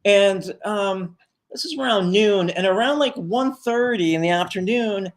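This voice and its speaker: A man's voice: sits high, measured pace. Rambling man acting out quotes. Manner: rambling, full of fillers, acts out quoted lines. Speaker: tribute band leader, guest. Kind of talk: casual storytelling in a live interview.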